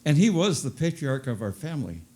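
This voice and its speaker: A man's voice: fairly high pitch, very animated, fairly quick, a little mellow. Older man doing self-deprecating stand-up. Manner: self-deprecating, with repeated punchlines. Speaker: stand-up comedian. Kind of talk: stand-up comedy routine.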